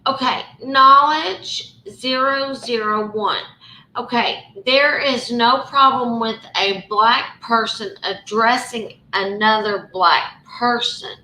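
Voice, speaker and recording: A woman with a Southern US accent hosting a live stream, talking with callers in a slow, careful, hesitant way. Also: fairly high pitch, pushed and bright. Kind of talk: casual live chat with callers. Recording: echoey room.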